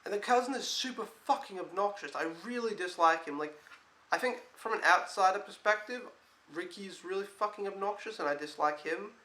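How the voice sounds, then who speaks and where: A man's voice: sits high, pushed and bright. A young man who is an au pair, giving a casual vlog recap in a blunt, exasperated way and swearing freely. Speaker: au pair vlogger. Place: indoor room in a home. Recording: roomy echo.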